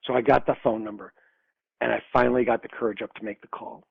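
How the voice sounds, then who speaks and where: A man's voice: medium pitch, fast, vocal fry, breathy edge, no echo. A man in his sixties from upstate New York, a podcast guest telling a personal story with laughs and acted-out dialogue. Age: 60s. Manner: animated storyteller, laughs often, acts out dialogue. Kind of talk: storytelling interview. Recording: dull lo-fi dry sound.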